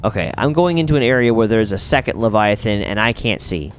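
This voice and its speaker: A man streaming and chatting casually while playing a video game, rambling with lots of fillers and bursting out in sudden excitement. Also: on the low side, fairly quick, soft background music. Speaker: streamer and host.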